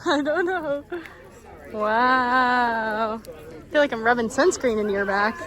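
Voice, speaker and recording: A woman chatting excitedly as she films a travel vlog on a handheld camera while touring outdoors. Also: fairly high pitch, slow pace. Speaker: travel vlogger. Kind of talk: casual travel vlog narration. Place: outdoors on a busy tropical island tour. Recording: clear crowd chatter behind.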